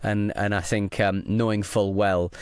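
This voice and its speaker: A man's voice: fairly low pitch, flat delivery, measured pace, smooth, no room sound. A man co-hosting a podcast in casual chat, hesitant and full of restarts. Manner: hesitant, many restarts and fillers. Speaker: podcast co-host.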